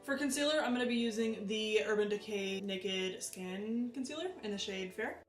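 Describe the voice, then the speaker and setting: A woman's voice: medium pitch, moderate pace, echoey room, far from the mic, over music. Chatty woman doing her makeup on camera. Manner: chatty, animated, self-deprecating. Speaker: beauty vlogger. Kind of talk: casual makeup tutorial chat.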